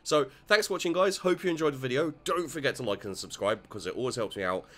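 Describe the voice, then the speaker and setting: A man doing gameplay commentary, excitable and joking, with frequent stammered restarts and casual swearing. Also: mid-range voice, fast. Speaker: let's play host. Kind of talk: gameplay commentary, reading dialogue aloud.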